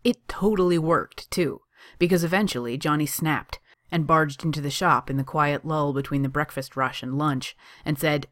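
A story reader narrating fan fiction aloud in a relaxed, wry tone. The voice sits in a middle pitch, recorded close with a dry sound. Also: normal speed, dry recording.

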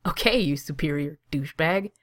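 A sarcastic, swearing young man blurts out his feelings in loud, breathless bursts, put on by a woman reading the story. The voice sits low for a woman, and the character pushes it a little higher and harder whenever he gets worked up. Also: normal speed, lightly acted. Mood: protesting.

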